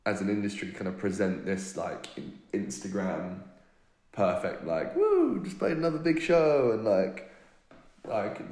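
A man's voice: deep voice, a little mellow. A man with a British accent, a touring DJ and musician, chatting loosely in an interview with lots of fillers. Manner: loose storytelling, many fillers, laughs often. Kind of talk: casual interview chat. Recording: roomy echo.

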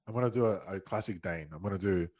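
A man's voice: quick pace, a little mellow. A man hosting a movie trivia quiz on a podcast, joking and laughing between questions. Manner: reads quiz questions in a lowered voice, laughs often. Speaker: quizmaster. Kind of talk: casual podcast banter.

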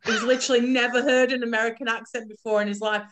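A woman's voice: on the high side, level tone, quick pace, background noise. A woman in casual chat reviewing a film as podcast co-host, blunt, sweary and mocking.

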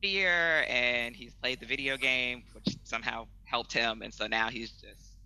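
A man's voice: mid-range voice, unhurried, bright, forceful tone, clear, resonant tone, rough recording. A man co-hosting a casual podcast chat who talks hesitantly with many fillers and swears casually. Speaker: podcast co-host.

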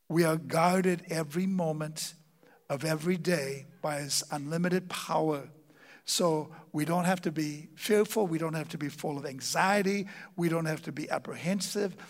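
A middle-aged pastor giving a conversational sermon, stumbling over fillers and repeated words, then slowing down to stress scripture. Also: male voice, fairly high pitch.

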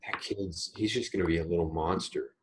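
A young man chatting casually, relaxed and rambling, with hesitant restarts. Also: deep voice, fairly quick, slight background noise, low-quality recording. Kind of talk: casual chat.

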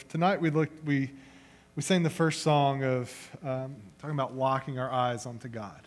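A young man gives a youth sermon in a relaxed, conversational way. His voice sits slightly high for a man, and he moves from questions for the audience into family stories. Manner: conversational, storytelling with questions to the crowd. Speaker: youth pastor.

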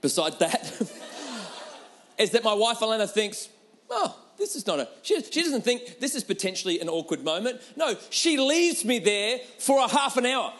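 A man's voice: high-pitched, very animated, normal speed, a bit bright. A man preaching a humorous sermon, telling a personal story with laughter and a repeated rhetorical question.

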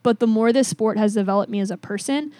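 A young adult woman, a weightlifting coach, telling stories in a candid, animated way with some swearing in a casual podcast chat. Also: fairly high pitch, fast talker, dry recording. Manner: candid, animated storyteller who swears freely.

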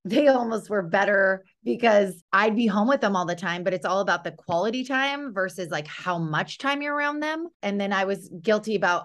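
A woman in her thirties co-hosting a parenting podcast, chatting casually and telling stories with expressive quoted asides. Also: medium pitch, a little fast, hardly any pauses. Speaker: podcast co-host. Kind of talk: casual chat.

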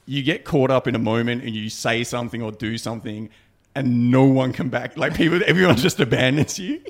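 A young man with a gravelly edge to his voice, telling stories in casual podcast chat. He swears freely and gets animated as he goes. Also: mid-range voice, fairly quick. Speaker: podcast co-host.

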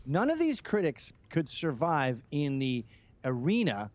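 A man holds forth as a podcast guest, sardonic and mocking. His voice sits a touch high and moves lively up and down. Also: a little slow, highs cut off. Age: 30s or older. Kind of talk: casual podcast banter.

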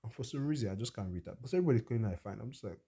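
Deep husky young man. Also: expressive, very fast, dark tone. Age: young adult. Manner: blunt and opinionated. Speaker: podcaster. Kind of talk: casual storytelling monologue.

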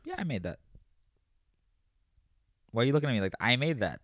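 A young man co-hosting a podcast, chatting in a relaxed, rambling way and swearing casually. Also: medium pitch, brisk, no echo, studio quality. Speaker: podcast co-host. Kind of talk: casual chat.

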